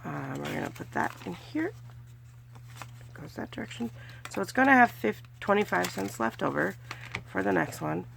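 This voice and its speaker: A California woman narrates her budgeting vlog casually while doing cash challenges, chatty and counting money aloud with small cheers. Her mid-range voice is gravelly and fairly bright, with lively intonation, a moderate pace, and frequent pauses. There's a little hiss or hum.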